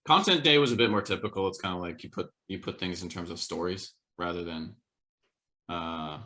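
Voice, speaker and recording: A young man with a fairly low voice and a bright, forceful edge chats on a podcast. He rambles and hesitates, filling pauses with "um" and "like". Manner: rambling, hesitant, lots of fillers. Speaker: podcast co-host. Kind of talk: casual chat.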